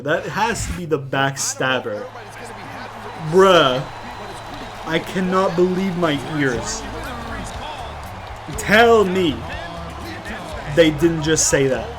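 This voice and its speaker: A young man from outside the US giving rambling, profane let's-play commentary, breaking into loud exasperated rants. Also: fairly high pitch, animated, slow, music in the background. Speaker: gaming YouTuber.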